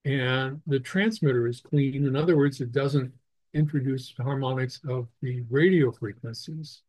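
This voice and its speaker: A man teaching a ham radio licensing class over slides, explaining slowly with many restarts and fillers. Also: mid-range voice, a little mellow, no room sound, poor audio. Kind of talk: technical lecture over slides.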